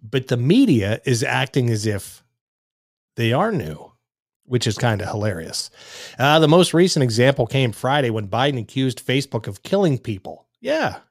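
Man, livestream host, casual chat, folksy, middle pitch, dry close sound. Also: expressive, normal speed, no echo. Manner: folksy, chatty, with frequent fillers and asides. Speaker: host of a political commentary livestream. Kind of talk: casual talk reading out chat comments.

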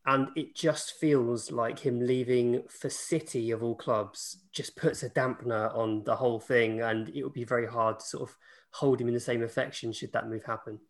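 Guest podcaster dude rambling earnestly, ordinary mid voice. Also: male voice, medium pitch, fairly even intonation, moderate pace. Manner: earnest, rambling, many fillers and restarts. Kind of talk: casual podcast chat.

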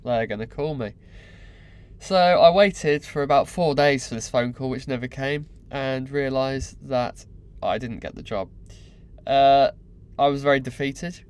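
A man with a mid-range voice recounts his own story to camera, candid and animated. He leans on repetition and casual slang to drive each point home. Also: medium pitch, smooth. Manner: candid, animated, repeats words for effect.

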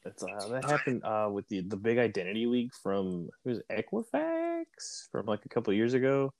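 Male co-host, low voice, dry close sound, wry and rambling. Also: sing-song, moderate pace, darkish tone, dry recording. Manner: wry, loose, hesitant with fillers. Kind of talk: casual chat.

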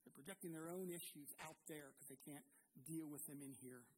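A man, a pastor, preaching an earnest sermon with emphatic pauses and repeated words. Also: fairly high pitch, a little mellow, a little hiss or hum, rough recording.

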